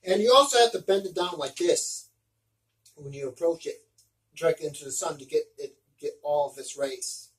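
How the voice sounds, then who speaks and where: A man's voice: a little high, normal speed, recorded from a distance, rough recording. A man giving casual step-by-step practical tips, often restarting his sentences as he explains. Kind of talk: casual instructional talk.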